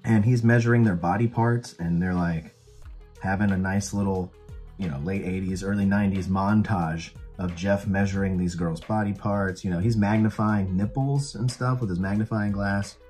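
A man's voice: sits low, steady tone, normal speed, a little mellow, soft background music. A man casually retelling a cult horror comedy plot as a movie reviewer, amused and incredulous.

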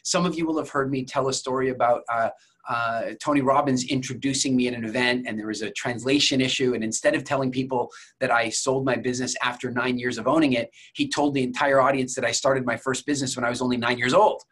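Husky-voiced man teaching public speaking. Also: mid-range voice, steady tone, fast, a bit bright. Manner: conversational, storytelling with examples; addresses viewers directly. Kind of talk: masterclass lecture.

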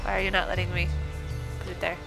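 A woman's voice: lowish voice, completely flat delivery, quick pace, vocal fry, music in the background, low-quality recording. A woman hosting a let's play, giving bubbly, chatty commentary and talking to the game as she plays. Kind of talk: casual gameplay commentary.

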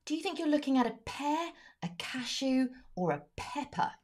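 A woman's voice: high-pitched, sing-song, normal speed, darkish tone. A woman presenting a live family science show, bubbly and explaining step by step.

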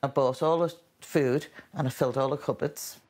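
A woman's voice: very deep voice, moderate pace, slightly rough. A woman in her fifties telling a family story in a documentary interview, acting out the quotes. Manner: animated anecdote-telling with acted quotes. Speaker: interviewee, mother of an expectant twin mum.

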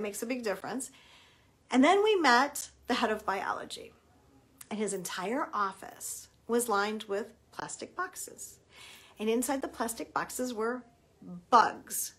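A middle-aged woman talks to parents as a college admissions consultant. Her voice sits a little high, and she speaks emphatically, stressing her key points. She slips into short acted-out bits of quoted dialogue along the way. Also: a bit bright, slightly rough. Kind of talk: advice talk to parents.

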